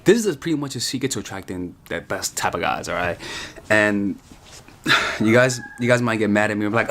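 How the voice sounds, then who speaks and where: Low gravelly man giving dating advice. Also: expressive, brisk, a bit bright. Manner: direct, informal, addresses viewers as ladies. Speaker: dating coach. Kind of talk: casual advice monologue. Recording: noisy background.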